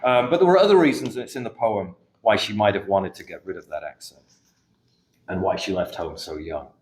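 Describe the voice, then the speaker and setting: A middle-aged man from England, a poet reading his poems in a café with an unhurried, measured delivery and hesitant spoken asides between them. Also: low-pitched, darkish tone. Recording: echoey room recording.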